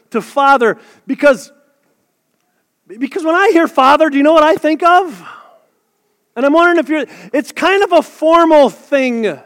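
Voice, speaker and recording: A man's voice: very high-pitched, a bit bright. A man preaching a sermon as pastor, talking conversationally to his congregation and dropping joking asides. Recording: long hall reverb.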